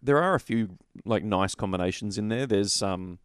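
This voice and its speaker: A man with a very low voice talks through game rules in a loose, rambling way, restarting his sentences and weighing options aloud. He sounds opinionated but relaxed, as in casual hobby chat. The recording is dry and close, with no room sound. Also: moderate pace, clean tone, dry recording. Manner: rambling, self-correcting, opinionated. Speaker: podcast co-host. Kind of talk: casual tabletop wargaming chat.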